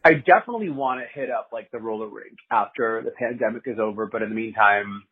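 A man's voice: on the low side, fast talker, slightly rough. A man leaving a rambling, laid-back voicemail for a podcast. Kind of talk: casual voicemail message. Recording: dull voicemail recording.

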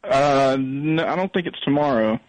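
A man's voice: medium pitch, normal speed, no room sound, poor audio. A man from Alabama calling into a comedic radio show, polite and hesitant with a dry sense of humor. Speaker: caller. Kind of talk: call-in radio chat.

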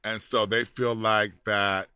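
A man's voice: lowish voice, level tone, slow, sharp tone, smooth, dry recording, studio quality. A man co-hosting a podcast in casual chat, sassy and drawling, laughing often. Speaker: podcast co-host.

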